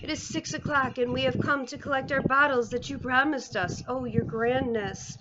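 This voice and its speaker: A woman voicing a group of meek, fawning witches who speak slowly and timidly in a storybook reading. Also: high voice, fairly even intonation, dull audio, very noisy, pitched above the performer's own voice, close to an everyday voice. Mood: grovelling. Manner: timid, slow grovelling.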